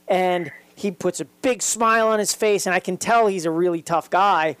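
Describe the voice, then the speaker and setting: A man's voice: sits high, moderate pace, hardly any pauses, a bit bright, clear, resonant tone, no echo. A man co-hosting a casual interview, upbeat and teasing. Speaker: co-host.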